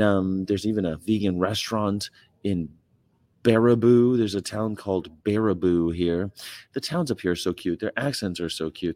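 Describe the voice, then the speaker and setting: A man's voice: sits low, a little mellow, dry recording. A man hosting a casual livestream, rambling and greeting viewers and reading their comments aloud. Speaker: livestream host.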